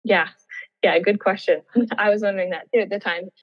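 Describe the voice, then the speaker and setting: A woman recounts her experience at an easy, chatty pace, laughing often and putting on her past self's excited voice. The audio is dull and muffled, with a long reverb trailing behind her. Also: mid-range voice, brisk. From Australia. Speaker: guest, former Olympian. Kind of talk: casual storytelling interview.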